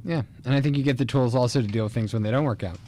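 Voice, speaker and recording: A male radio host in casual talk show chat, teasing and quick to laugh, cutting in with short remarks. His voice sits at a middle pitch, with a faint hiss in the background. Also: dark tone. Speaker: radio host, treatment center head.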